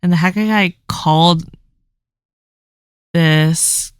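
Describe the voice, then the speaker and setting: Young woman podcast co-host, fast animated casual chat, dry close sound. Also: on the low side, clean tone, no room sound. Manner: fast, animated storytelling with lots of "like".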